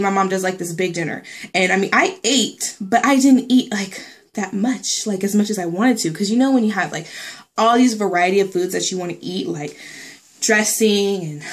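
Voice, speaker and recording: A young woman talks through a casual vlog update in a loose, rambling way, full of fillers. She sounds a little out of breath as she chats. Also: medium pitch. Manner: chatty, rambling, lots of fillers and likes. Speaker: pregnancy vlogger.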